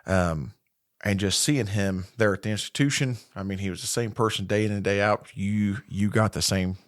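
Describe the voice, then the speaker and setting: A man with a Midwestern American accent, a podcast guest telling a story in a relaxed, rambling way with many fillers and restarts. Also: lowish voice, moderate pace, dry recording, clean studio sound. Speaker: podcast guest, corrections lieutenant. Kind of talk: casual storytelling interview.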